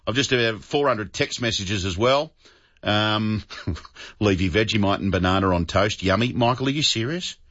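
A man with an Australian accent hosting talkback radio, jokey and quick to laugh. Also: fairly low pitch, fairly bright tone, highs cut off. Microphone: studio microphone.

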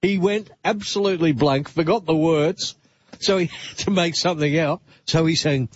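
A man hosts talk radio, spinning a story with frequent chuckles. His voice has a faintly husky edge, sits close and dry to the mic, and comes through slightly dull. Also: high-pitched, moderate pace, no echo. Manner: chuckling, anecdotal, banters with co-host. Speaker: radio host. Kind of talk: casual radio chat and storytelling. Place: radio studio. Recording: dull studio audio.

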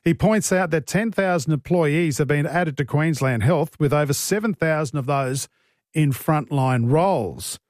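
A man's voice: a little high, a little slow, darkish tone, no room sound. A man with an Australian accent hosting breakfast radio, reading the news with chatty asides and wry self-corrections in a radio studio.

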